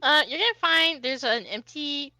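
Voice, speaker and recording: A woman's voice: high-pitched, moderate pace, sharp tone, dry recording. A woman narrating as game master of a tabletop game, chatty and rambling with many fillers.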